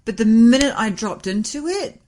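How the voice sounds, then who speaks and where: A woman, hosting a casual conversation as a lively storyteller who swears freely and often laughs. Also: a little high, moderate pace. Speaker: podcast host.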